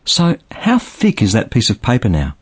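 A man's voice: medium pitch, wildly swooping pitch, normal speed, husky. A man giving a short scripted radio devotional, telling it like a story and building to each point with rising emphasis.

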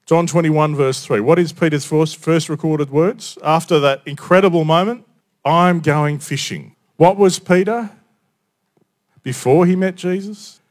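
Man preaching, somewhat high voice. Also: moderate pace. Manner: conversational storytelling, stammers on restarts, drops quiet for emphasis. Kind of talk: sermon.

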